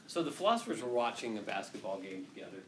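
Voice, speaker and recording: Male teacher, classroom lecture, self-deprecating, lots of restarts, medium pitch, faint background noise. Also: sing-song, fast, a bit bright. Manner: rambling, self-deprecating, laughs often, many restarts. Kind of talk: classroom lecture with a personal story.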